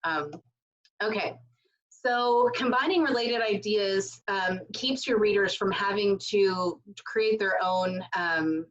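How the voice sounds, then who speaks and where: A woman's voice: mid-range voice, slow pace, muffled recording. A woman teaching a casual recorded writing lesson from home, speaking loosely with many fillers and asides. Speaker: writing instructor.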